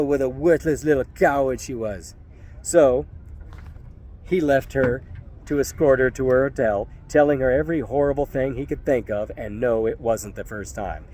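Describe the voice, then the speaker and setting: Male audiobook reader for a first-person novel, mid-pitched, wry and profane, easy conversational delivery. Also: darkish tone. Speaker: audiobook narrator.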